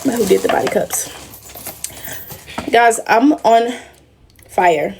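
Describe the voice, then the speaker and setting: A young woman on a casual livestream, talking emotionally and in a rambling way straight to her viewers. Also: medium pitch. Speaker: livestream host.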